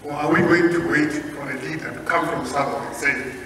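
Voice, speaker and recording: A man's voice: fairly high pitch, fairly even intonation, brisk. A middle-aged man from Zimbabwe giving an earnest, emotional speech at a public meeting, with some hesitations, heard from across a large hall. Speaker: guest speaker. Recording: echoey hall, voice from far off, audible noise.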